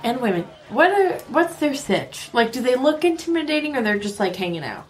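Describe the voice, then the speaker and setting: High-voiced woman playing a tabletop game. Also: big pitch swings, brisk. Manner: chatty, many fillers. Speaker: player.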